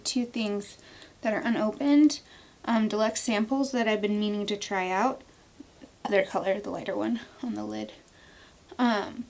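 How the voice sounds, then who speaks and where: A woman's voice: on the high side, darkish tone. Playful chatty woman doing her makeup. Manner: playful, chatty, makes up silly words and talks to herself. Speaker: beauty vlogger. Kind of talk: casual makeup tutorial chat. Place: at home, indoors.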